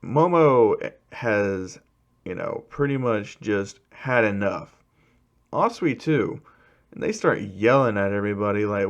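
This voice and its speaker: A man's voice: on the low side, lively intonation, slow, muffled recording. A man casually retelling a fan-fiction story, rambling and filling gaps with "you know".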